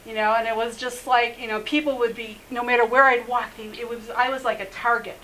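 A middle-aged woman rabbi recounts her testimony in an earnest, chatty way, laughing often and filling gaps with "you know". Her voice sits a bit high and rings bright and forceful. A faint hiss lingers in the background. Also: steady tone, a little fast, poor audio. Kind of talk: personal testimony in a faith interview.

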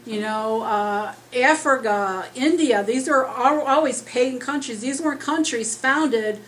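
Lady preaching, kinda high voice, going hoarse, earnest and rambly, talking loud w/o a mic. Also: measured pace, a little hiss or hum, rough recording. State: losing her voice. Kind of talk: conversational sermon. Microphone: speaking loud without a microphone.

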